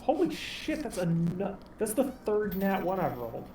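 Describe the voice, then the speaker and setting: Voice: mid-range voice, lively intonation, moderate pace. A player in a tabletop game, making wry, teasing jokes and laughing often. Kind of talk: casual tabletop chat. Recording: echoey room, distant mic, background noise.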